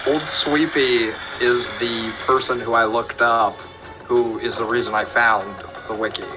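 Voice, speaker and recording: A man's voice: medium pitch, fairly even intonation, measured pace, over music, low-quality recording. A man taking part in a trivia quiz, teasing and arguing playfully in casual banter. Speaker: quiz contestant.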